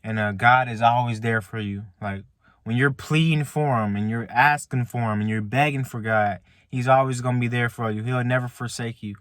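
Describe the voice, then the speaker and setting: A man's voice: mid-range voice, dry recording, clean studio sound. A man in a car telling a faith story to his viewers in loose casual talk, tagging lines with "man" and restarting often. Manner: relaxed, repeats "man" and "like" often, halting restarts. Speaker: vlogger. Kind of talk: casual faith testimony to camera. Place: inside a car.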